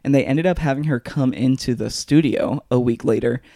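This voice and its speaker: American comedian guy, chill self-mocking stories, raspy creaky voice, super dry mic. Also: mid-range voice, a little fast, mellow, no echo. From United States. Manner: laughing, self-mocking storytelling. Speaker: comedian guest. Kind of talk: casual chat.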